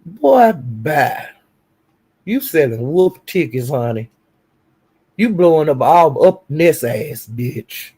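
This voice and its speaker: A man ranting on a live stream, taunting someone with profane insults and slow, drawn-out jabs. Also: on the high side, sing-song, mellow, slightly rough. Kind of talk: heated live-stream rant.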